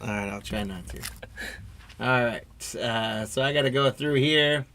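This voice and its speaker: A man's voice: mid-range voice, measured pace, vocal fry, pushed and bright, slight background noise. A man hosting a live trading card break stream, reading out player names and teams in a running patter and chatting with viewers.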